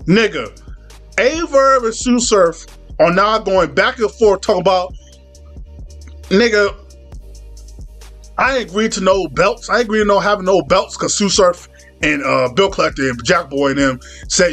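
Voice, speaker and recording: High-voiced man telling a profane, rambling story. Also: normal speed, long pauses, fairly bright tone, soft background music. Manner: profane, rambling, full of restarts and quoted dialogue. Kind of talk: comedic storytelling commentary.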